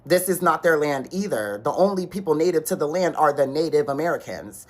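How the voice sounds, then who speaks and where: Lady ranting, fed up, slightly low voice, mocking the other side. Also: expressive, fairly quick. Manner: exasperated, argumentative, mock-quoting opponents. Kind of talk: social media commentary.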